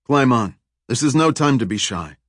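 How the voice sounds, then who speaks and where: A man reading an easygoing male hero, brisk. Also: medium pitch, expressive, fairly bright tone, no room sound, studio quality. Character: brave, joking male hero on an escape.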